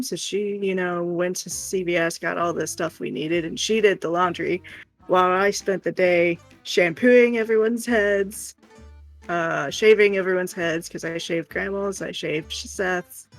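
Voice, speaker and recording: A woman streamer telling stories in casual chat and laughing often. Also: on the low side. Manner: chatty storytelling, laughs often.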